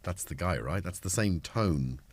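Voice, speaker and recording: A man's voice: deep voice, expressive, measured pace. Rambling man with a cold. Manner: rambling, self-mocking, talks while tinkering. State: has a cold. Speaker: livestream host. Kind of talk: casual live-stream chat.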